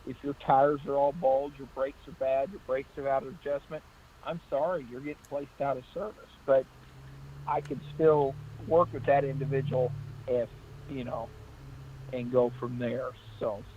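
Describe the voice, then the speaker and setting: A man's voice: mid-range voice, level tone, moderate pace, muffled recording, slight background noise. A male state trooper as a guest, chatting casually and telling anecdotes in which he acts out the exchanges. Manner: anecdotal, repeats "I said" in acted-out exchanges. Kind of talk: casual call-in storytelling.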